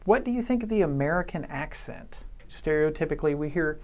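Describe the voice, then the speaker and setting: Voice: medium pitch, animated, fairly quick, darkish tone. An interviewer asking questions and murmuring short replies while the guest talks. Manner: frequent short backchannel murmurs.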